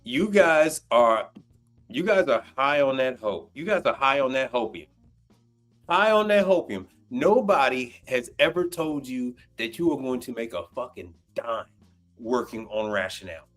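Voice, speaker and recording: A man hosting a livestream, ranting bluntly and cursing freely as he goes. His mid-pitched voice swings up and down a great deal, with faint music underneath. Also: unhurried. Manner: animated, blunt, swearing. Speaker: livestream host. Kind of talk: casual profane rant.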